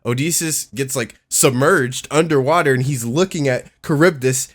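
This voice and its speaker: A young man giving casual, excitable reaction commentary, profane and slangy. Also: medium pitch, normal speed. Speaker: reaction video host. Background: song playing faintly.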